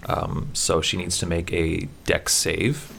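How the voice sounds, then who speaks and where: A man's voice: deep voice, fairly even intonation, takes it slowly, vocal fry, fairly bright tone, slight background noise. A man playing a tabletop game, talking hesitantly with many uhs. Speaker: player. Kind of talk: casual tabletop play.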